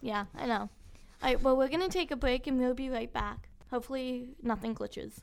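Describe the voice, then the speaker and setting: A woman's voice: high-pitched, gravelly. A young woman hosting a student radio show, chatting casually and teasing her co-hosts. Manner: teasing, quick to laugh. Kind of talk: casual chat.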